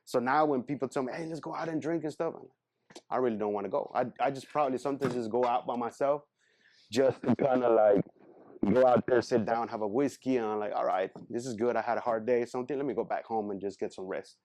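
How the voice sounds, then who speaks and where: An earnest man in his thirties speaks to a class as a guest speaker, with a medium-pitched voice. His casual motivational talk rambles and keeps circling back, with "man" dropped in often. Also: fast talker, a little mellow.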